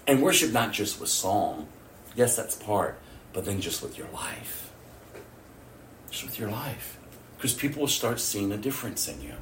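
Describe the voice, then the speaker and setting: A man's voice: fairly low pitch, big pitch swings, measured pace, long pauses, noisy background. A man preaching a sermon, telling stories and acting out his own prayers and other people's words. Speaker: pastor. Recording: echoey room, mic at a distance.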